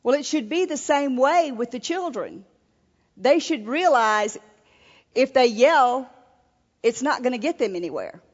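A woman's voice: high-pitched, expressive, a little slow. A woman minister giving an earnest sermon at a marriage seminar, with frequent restarts. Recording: lo-fi recording in a reverberant hall.

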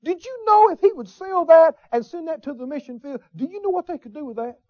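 High-pitched, animated preacher man. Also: brisk, no room sound. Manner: animated preaching with folksy asides and call-and-response. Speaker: pastor. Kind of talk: sermon. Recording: dull, slightly lo-fi sermon recording.

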